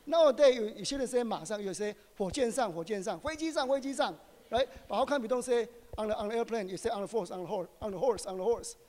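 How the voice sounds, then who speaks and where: Guy preaching, high voice, lots of uh and right?, long echo. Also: a little mellow. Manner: asks the congregation short questions, halting with many fillers. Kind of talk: sermon. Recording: long hall reverb.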